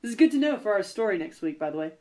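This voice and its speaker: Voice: mid-range voice, big pitch swings, very fast, a little mellow. A young adult podcast host chatting casually, rambling with many fillers and self-corrections. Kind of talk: casual chat.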